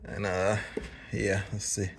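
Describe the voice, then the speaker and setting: A man's voice: on the low side, flat delivery, slow pace, creaky. A man with a Southern US accent, casually vlogging from his kitchen at home as a father, chuckling and repeating words as he talks. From Mississippi, US.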